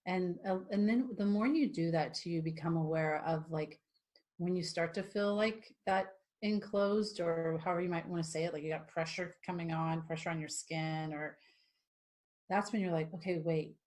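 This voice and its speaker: A woman co-hosting a podcast, chatting in a relaxed, affirming way. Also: lowish voice, moderate pace. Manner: relaxed, affirming, laughs along. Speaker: podcast co-host. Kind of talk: casual chat.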